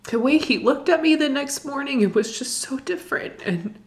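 Young woman, slightly high voice, shaky and hurt, rambling confessional with constant restarts. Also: lively intonation. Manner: upset, halting, many "like" fillers and restarts. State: distressed, near tears. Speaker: storyteller. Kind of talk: emotional personal story, confessional.

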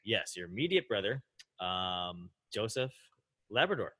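A man's voice: lowish voice, big pitch swings, sharp tone, husky. A man co-hosting a podcast, reading out listener questions in an easygoing, chatty way. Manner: easygoing, reads questions, quick agreeing interjections. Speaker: podcast co-host. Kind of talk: casual podcast chat.

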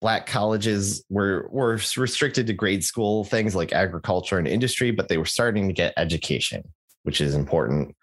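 Speaking in a deep voice at a moderate pace, this young man is a podcast co-host. His talk is casual and jokey, full of fillers and restarts.

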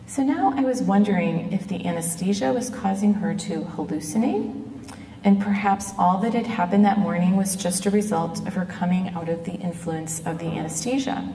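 A middle-aged woman giving an earnest personal testimony, speaking in a measured way and slowing down on quoted words. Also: fairly low pitch, warm tone. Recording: echoey hall, mic at a distance.

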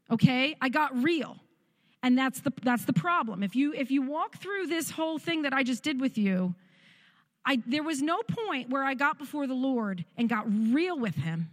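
A woman's voice: high voice, lively intonation, unhurried. Candid middle-aged woman in a reverberant hall. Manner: candid, self-mocking storytelling. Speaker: speaker sharing testimony. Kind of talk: personal testimony talk.

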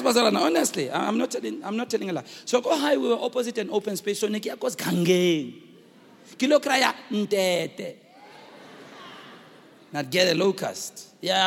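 A South African man preaching a sermon as pastor, with fervent shouted emphasis and call-and-response, recorded in a church hall. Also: sits high, vocal fry, slight background noise. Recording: echoey hall reverb.

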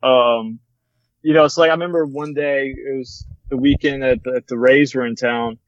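A young man, a former bat boy, telling a story in casual chat, with lots of fillers and a relaxed manner. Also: mid-range voice, normal speed, no room sound, muffled recording. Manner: relaxed, rambling, many fillers like "like" and "you know".

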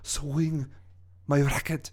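A man's voice: fairly high pitch, flat delivery, slow pace, a little mellow. A man puts on a pompous French tennis villain seeking revenge. The put-on French accent is broad, and every line sounds theatrical and indignant.

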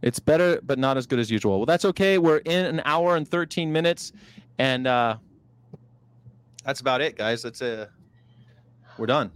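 A man's voice: medium pitch, animated, normal speed, pauses often, clean tone. A man co-hosting a podcast in casual chat, joking and swearing while he troubleshoots his earphone mic. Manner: profane, joking banter. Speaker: podcast co-host.

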